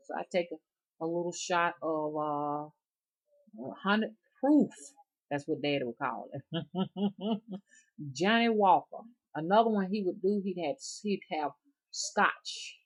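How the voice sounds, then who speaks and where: Folksy low-voiced Southern woman. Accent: Southern US, Alabama. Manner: rambling, folksy, chuckling often. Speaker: rootworker vlogger. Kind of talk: casual chat to viewers.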